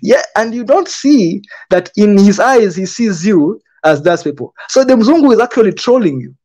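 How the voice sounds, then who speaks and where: A man delivers passionate commentary on a book he reads from. He sounds indignant and often fires off rhetorical questions. His voice sits on the higher side for a man. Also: animated, moderate pace, darkish tone, rough recording. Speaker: commentator reading a book aloud.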